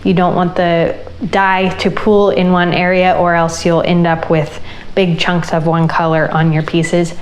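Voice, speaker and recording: A woman hosting a crafting channel, explaining an ice-dye project as she works in a relaxed way. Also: on the low side, poor audio. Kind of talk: casual craft tutorial.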